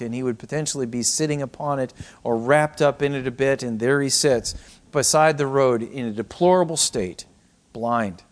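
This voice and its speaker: A middle-aged pastor with a mid-range voice preaches a sermon. He swings between raised cries and hushed passages that are almost whispered.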